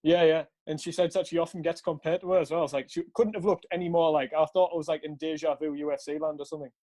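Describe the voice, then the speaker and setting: Young guy rambling through a story, swears a lot, slightly high voice. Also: steady tone, fast talker, mellow. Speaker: co-host telling a story. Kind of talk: casual chat.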